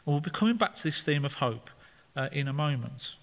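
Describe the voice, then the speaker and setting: A man's voice: fairly high pitch, expressive, fairly quick, a bit bright. A man leading a Bible study, explaining scripture in a conversational way with fillers. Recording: long hall reverb.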